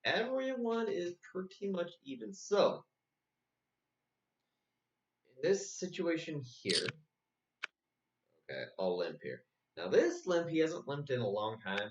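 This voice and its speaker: Slow-paced with long pauses yet very animated, a fairly high-pitched man rambles through commentary on a replay of his own poker tournament, full of fillers and restarts. The recording is dull and slightly muffled with faint noise.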